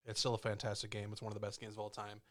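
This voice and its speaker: A young man co-hosting a gaming podcast, excitable and laughing often as he tells stories. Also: lowish voice. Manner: excitable, laughs often, storytelling with quick asides. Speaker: podcast co-host. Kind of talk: casual gaming podcast chat.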